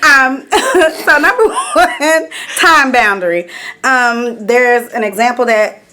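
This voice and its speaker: A woman's voice: fairly high pitch, animated, takes it slowly, pushed and bright. A woman co-hosting a podcast, chatting casually with frequent ums and giggles. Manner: chatty, giggly, repeats filler words. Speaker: podcast co-host.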